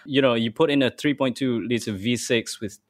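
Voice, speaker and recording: A man hosts a relaxed podcast chat, talking in a conversational way with frequent restarts. His voice is mid-pitched and recorded close and dry. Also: brisk, no echo. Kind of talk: casual chat.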